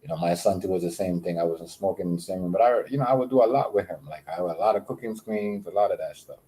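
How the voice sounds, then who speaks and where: A man hosting a casual livestream, rambling with many fillers and repeated words, giving shout-outs to viewers. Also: deep voice, fast. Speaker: livestream host.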